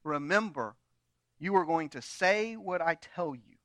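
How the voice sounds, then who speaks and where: A man's voice: fairly high pitch, expressive, unhurried, a bit bright, dry recording. A man voicing God giving stern, plain commands to a prophet.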